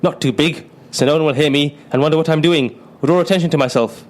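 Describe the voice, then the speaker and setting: A man's voice: fairly high pitch, fast talker, close to an everyday voice. A man playing an anxious, uptight British client in a comedy radio sketch, talking in a flustered, self-conscious way. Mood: fretful.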